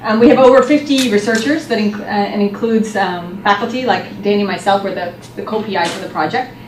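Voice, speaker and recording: A woman's voice: medium pitch, fairly quick. Woman presenting research in a roomy hall. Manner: upbeat, with frequent um fillers and restarts. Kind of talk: academic seminar presentation. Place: seminar room. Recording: roomy hall, distant mic, faint noise.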